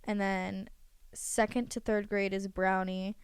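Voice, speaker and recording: Teen girl rambling on, out of breath, smooth voice, dead dry mic. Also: mid-range voice, little pitch movement, slow, no echo. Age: teens. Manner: rambling, explains at length with many fillers. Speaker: podcast guest. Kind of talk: casual chat.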